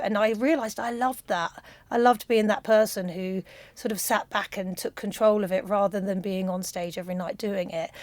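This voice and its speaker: Middle-aged london woman, choreographer chatting on radio, lively and enthusiastic, dry studio sound. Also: medium pitch, dry recording. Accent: London English. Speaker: theatre choreographer and director. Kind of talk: radio interview guest.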